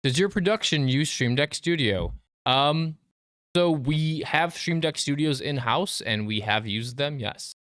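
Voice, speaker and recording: A man with a loud, deep voice chats casually as a livestream co-host. He jokes and runs down his own sound, with lots of fillers. The tone is smooth and resonant, and the sound is dry and close. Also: measured pace, no echo. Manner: jokey, filler-heavy, self-deprecating.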